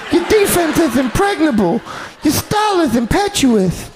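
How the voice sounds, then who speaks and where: A man voicing an intense, combative male rapper who barks and shouts his lines. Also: extremely high pitch, very animated, moderate pace, reverberant, background noise, pitched above the performer's own voice. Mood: barking hype. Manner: barking, shouted delivery.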